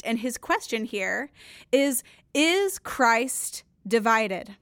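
A woman's voice: on the high side, animated, takes it slowly, fairly bright tone, clear, resonant tone, dry recording, studio quality. A woman hosting a podcast, reading a Bible passage and teaching on it in an earnest, conversational way with emphatic stresses. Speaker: podcast host.

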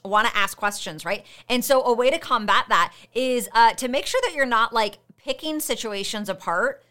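A woman's voice: a little high, moderate pace, bright, forceful tone. A woman hosting a motivational podcast, talking straight to the listener in a direct, conversational way and asking rhetorical questions. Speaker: podcast host and coach.

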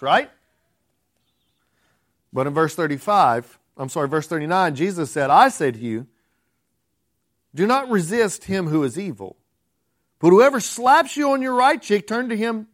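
A man preaching a conversational sermon, often restarting phrases and rising to emphatic outbursts. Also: sits high. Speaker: pastor.

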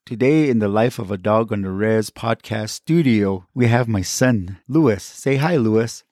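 A woman hosting a podcast who casually interviews a child with gentle, playful questions. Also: very deep voice, unhurried, no room sound. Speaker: podcast host. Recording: dry close-miked studio.

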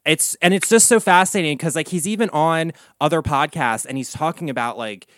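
A man hosting a casual podcast chat, gossiping and swearing freely, with big swings in pitch and loudness. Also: brisk, no echo. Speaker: podcast host, comic and drag performer.

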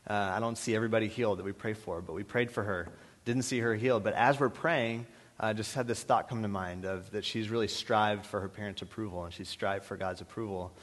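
A man with a lowish voice preaches an earnest testimony, pausing on "uh" and "um" as he gathers his thoughts. His voice carries a long hall reverb from the church space around him. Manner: earnest, with hesitant fillers. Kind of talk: testimony sermon.

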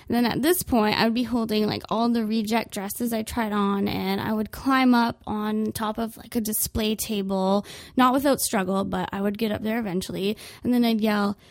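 A young woman hosting a podcast, delivering a sarcastic, animated comedic monologue. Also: medium pitch, moderate pace, dry recording, studio quality. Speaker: podcast host. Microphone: podcast microphone.

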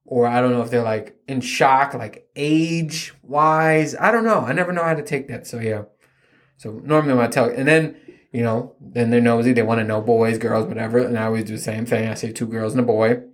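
A podcast host in his thirties, his voice medium-pitched and fairly quick, jokes his way through rambling stories about his kids. He's casual, swears freely, and pokes fun at himself.

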